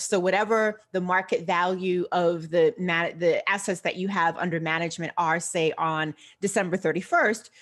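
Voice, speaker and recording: An older woman speaks as an interview guest. She answers in measured, well-formed sentences at a fairly low pitch for a woman. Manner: articulate, measured storytelling. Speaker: guest, financial behaviorist.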